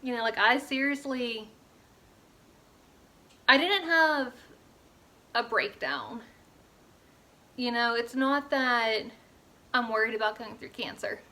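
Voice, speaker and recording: A woman's voice: fairly high pitch, slow, pauses often, pushed and bright. A young woman from Pittsburgh, talking earnestly in a casual personal vlog and filling her speech with "like" and "you know". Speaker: fitness vlogger.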